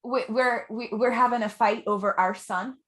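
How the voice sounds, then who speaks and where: A playful woman player at a tabletop game, her voice sitting fairly high. She jumps in fast, repeats herself and restarts sentences. The tone is loose and joking. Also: steady tone, fairly bright tone, reverberant. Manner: playful, quick, stumbling restarts. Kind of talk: tabletop role-play chat.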